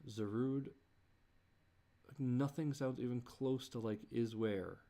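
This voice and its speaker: A man thinking aloud while he composes, muttering in halting restarts and groaning at himself. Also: mid-range voice, mellow. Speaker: creator working on a song.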